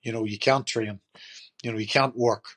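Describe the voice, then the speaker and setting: A man's voice: lowish voice, steady tone, moderate pace, fairly bright tone. A middle-aged man, a podcast guest telling his story in a chatty, rambling way full of fillers. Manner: chatty, rambling, lots of "you know" and "turned around and says". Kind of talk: casual storytelling.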